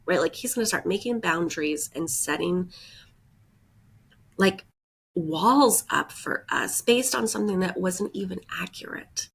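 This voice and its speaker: A woman's voice: on the low side, lively intonation, unhurried, vocal fry, slightly rough. A woman hosting a podcast, congested from a head cold and breathing audibly, speaking earnestly in a reflective self-help monologue. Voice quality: breathes audibly with heavy sighs. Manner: earnest, encouraging, often adds "right?" and "like". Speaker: podcast host.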